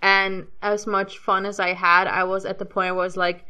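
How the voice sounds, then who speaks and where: A woman's voice: mid-range voice, level tone, normal speed, hardly any pauses, pushed and bright, clear, resonant tone. A woman in her thirties with a light German accent, chatting in a rambling, self-deprecating way about her recordings. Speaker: fan audio reader. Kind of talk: casual spoken commentary.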